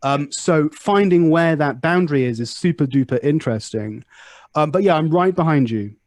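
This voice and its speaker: A man's voice: on the high side, moderate pace, darkish tone, no room sound. A man from England with an English accent, hosting a podcast in casual conversation and thinking aloud through examples. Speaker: podcast host.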